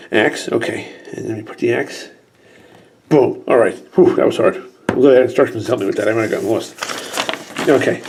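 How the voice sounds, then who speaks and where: Man in his thirties, mellow tone, sarcastic toy reviewer, excitable, faint hiss. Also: medium pitch, vocal fry. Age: 30s. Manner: excitable and sarcastic, talks to the toys.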